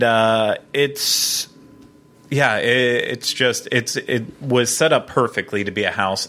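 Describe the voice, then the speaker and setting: A man hosts a relaxed podcast conversation, his voice somewhat low but bright and forward. He talks with eager enthusiasm, circling back on his words and restarting sentences as he goes. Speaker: podcast host. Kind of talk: casual podcast chat.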